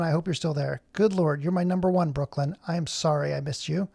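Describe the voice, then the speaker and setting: Brief: male streamer, gravelly voice, rambling, keeps cutting himself off mid-thought. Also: on the high side, steady tone, brisk, few pauses, dark tone. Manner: rambling, self-interrupting. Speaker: livestream host. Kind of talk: casual livestream chat.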